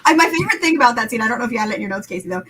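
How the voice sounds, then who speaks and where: A woman co-hosting a casual book chat, enthusiastic and quick to laugh. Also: fairly high pitch, expressive, a crowd in the background. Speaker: podcast co-host.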